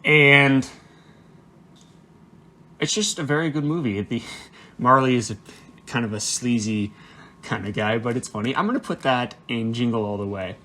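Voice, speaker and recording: A man's voice: mid-range voice, moderate pace, long pauses, pushed and bright. A young man chatting casually as a vlogger, rambling and restarting, with apologetic asides. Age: young adult. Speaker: vlogger ranking movies. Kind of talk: casual chat.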